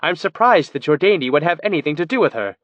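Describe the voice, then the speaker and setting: A man voicing a playful young woman, a natural mimic and former traveling entertainer, lively and teasing. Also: a little high, no room sound, highs cut off, voice pushed up. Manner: lively, quick-shifting, teasing.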